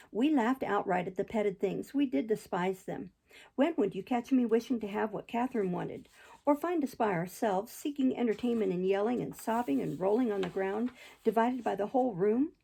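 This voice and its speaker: A woman reading a classic novel aloud, steady and unhurried, with occasional small slips. Her voice is dark and mellow, a little higher than most, with a gravelly fry and a husky edge. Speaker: reader.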